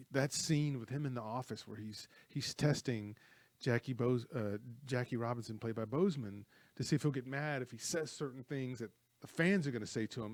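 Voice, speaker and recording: Animated man retelling film scenes. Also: medium pitch, no room sound. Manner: animated storyteller, retells scenes with acted quotes. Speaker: co-host of a movie talk show. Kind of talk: casual movie chat.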